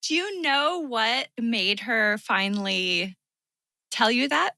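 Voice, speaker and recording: A woman's voice: fairly high pitch, lively intonation, takes it slowly, bright, forceful tone, no echo, clean studio sound. A woman interviewing a guest, laughing along and asking follow-up questions. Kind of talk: casual interview.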